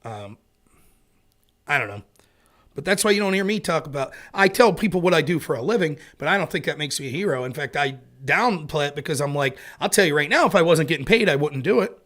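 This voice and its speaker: A man's voice: a little high, lively intonation, a little fast, a bit bright. A man in his thirties hosting a casual commentary show, telling rambling stories with frequent swearing. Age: 30s. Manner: rambling, profane storyteller. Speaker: host.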